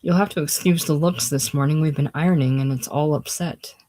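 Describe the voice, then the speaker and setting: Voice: mid-range voice, fairly even intonation, fairly quick, warm tone, natural voice. A reader doing a shy, flustered young woman. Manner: hesitant and flustered. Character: shy, blushing young working-class woman.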